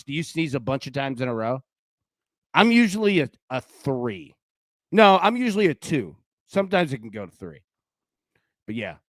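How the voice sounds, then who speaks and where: Young male host, casual and chatty, very lively pitch, dry close sound. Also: no echo. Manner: animated, chatty, peppered with "dude" and "man". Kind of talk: casual live sports-betting show.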